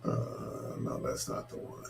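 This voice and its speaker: A man hosts a late-night live stream, speaking slowly in a smooth, crooning, romantic way, calling listeners baby and jokingly greeting viewers by name. There is background noise.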